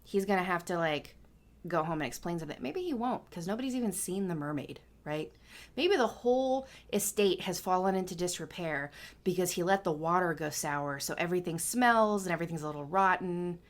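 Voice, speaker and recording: A woman's voice: fairly low pitch, animated, brisk. A woman casually making up a story as she talks, rambling and musing with lots of hedges. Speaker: painting vlogger.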